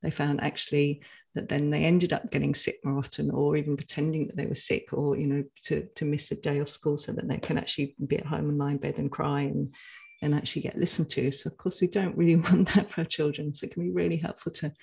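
Brief: parenting podcast co-host, gravelly husky timbre, explanatory and calm. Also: mid-range voice, fast. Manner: calm, explanatory, gently advising. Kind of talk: casual podcast conversation.

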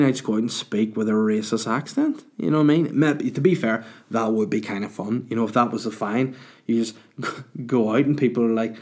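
A man's voice: mid-range voice, brisk, darkish tone. A man hosting a podcast, ranting in a sweary, mocking, exasperated way. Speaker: podcast host. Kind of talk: casual ranting monologue.

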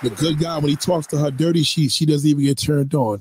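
A man's voice: a little high, fairly quick, very noisy. A man in a blunt, crude rant full of swearing, speaking in a preachy tone. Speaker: commentator. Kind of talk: profane rant.

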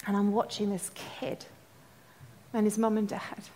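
A woman preaching a sermon, telling stories with passion, singing snatches of worship songs and building to loud, impassioned proclamation. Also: medium pitch, completely flat delivery, unhurried, slight background noise.

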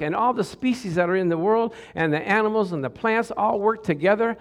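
A man's voice: sits high, moderate pace, hardly any pauses. Middle-aged male preacher, easygoing sermon voice, keeps asking the congregation questions. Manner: conversational, asks the crowd questions, jokes and laughs.

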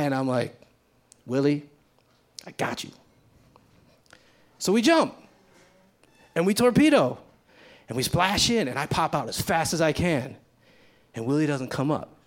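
A man's voice: fairly high pitch, very animated, normal speed. A man telling a personal story live in a casual, profane way, acting out the voices of the people in it. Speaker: storyteller at a live reading series.

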